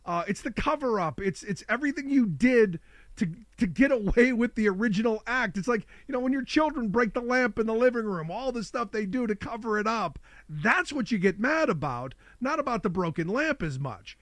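A man hosting a call-in talk show, sounding sick and rough-voiced, chatting casually. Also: very high voice, expressive, fairly bright tone, no room sound. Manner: casual, chatty, quick asides. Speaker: radio talk show host.

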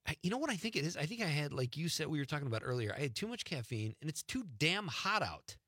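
A man's voice: fairly high pitch, fast talker, no echo. A man hosts an evening entertainment radio show, bantering and poking fun at himself. His voice rises and falls a lot as he talks. The studio sound is dry and close. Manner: joking, self-mocking, animated.

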